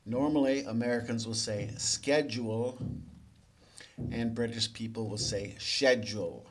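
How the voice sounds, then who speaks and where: A man teaching English. He asks the viewer quiz questions, then explains the answers in a relaxed, conversational way. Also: medium pitch, a little fast. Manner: relaxed and conversational, with small restarts. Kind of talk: explanatory lesson narration.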